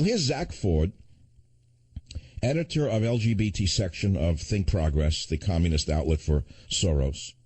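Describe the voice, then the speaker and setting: A man's voice: low-pitched, mellow, slightly rough. An older man hosting a political talk radio show, combative and sarcastic, rambling through asides.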